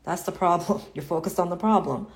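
A woman coaching her viewers live in a lowish voice. She talks in earnest and repeats herself a lot, and turns animated when she acts out people's inner doubts. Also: a little fast, creaky. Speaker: spiritual coach. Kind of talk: live-stream coaching talk, answering viewer comments.

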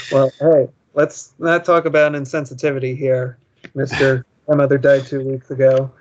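A man's voice: mid-range voice, level tone, unhurried, lo-fi sound. A man co-hosting a podcast, reading a children's ghost story aloud and rambling through wry, joking asides. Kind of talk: casual podcast chat, reading aloud and commenting.

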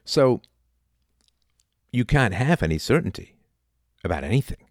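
A middle-aged man talking casually about philosophy, animated, dipping into mocking impressions. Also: medium pitch, measured pace, no echo, studio quality. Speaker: podcast host.

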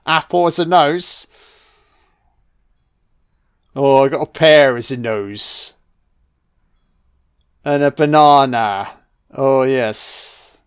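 A man's voice: very slow, pauses often, clean tone, no room sound, clean studio sound. A man putting on a chummy snowman voice. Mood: pleased. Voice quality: mumbled, low, chummy with lots of "mate". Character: chummy laid-back male snowman.

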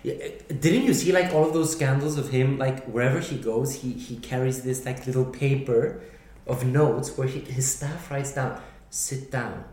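A man co-hosting a casual politics podcast, excitable and swearing freely, with lots of "yeah, yeah". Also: mid-range voice, moderate pace, echoey room. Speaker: podcast co-host. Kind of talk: casual chat.

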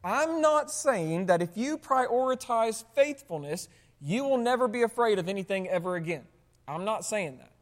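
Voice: mid-range voice, animated, normal speed. A pastor preaching a sermon to a congregation, asking them rhetorical questions and adding sarcastic asides. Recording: long hall reverb.

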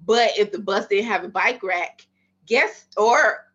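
A woman's voice: medium pitch, measured pace, a bit bright, husky. A woman in her thirties, a midwife, telling her story in a casual interview and acting out her own past thoughts and conversations. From Miami area. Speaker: midwife, podcast guest. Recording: slightly dull lo-fi audio.

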